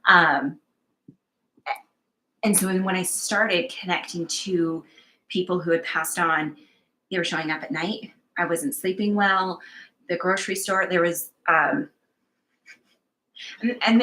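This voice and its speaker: Bright-voiced chatty woman storyteller. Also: medium pitch, rough recording. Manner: candid, chatty, self-mocking. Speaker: psychic medium guest. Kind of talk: casual conversational storytelling.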